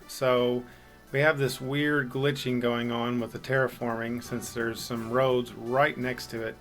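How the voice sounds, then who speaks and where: A man's voice: mid-range voice, fairly bright tone. Male let's play host, casual and chatty, mid-range voice, faint music underneath. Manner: chatty and self-deprecating, with frequent fillers. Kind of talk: casual gameplay commentary.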